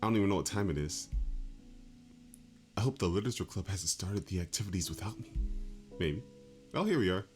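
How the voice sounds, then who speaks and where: A man's voice: deep voice, brisk, pauses often, soft background music. A man reading as a gloomy schoolgirl. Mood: quiet, downcast. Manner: flat reading aloud of game text. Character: gloomy teenage schoolgirl narrator.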